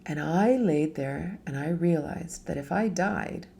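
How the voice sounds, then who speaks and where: Middle-aged lady teacher rambling in a live talk, warm mellow voice, lots of laughs and "you know?". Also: low voice, measured pace, vocal fry, slight background noise. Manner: chatty, laughs often, asks rhetorical questions.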